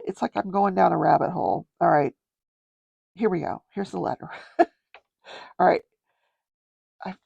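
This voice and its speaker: An older woman with a warm, gravelly, slightly rough mid-range voice hosts a casual show, recorded lo-fi with no room sound. She chats her way through a trial recap, explaining legal terms plainly, and digresses into talk about her crafts.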